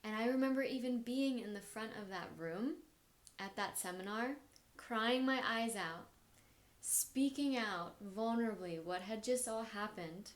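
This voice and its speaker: A young adult woman hosting a podcast, telling a personal story in a candid, reflective way with soft laughs. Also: a little high, measured pace. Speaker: podcast host.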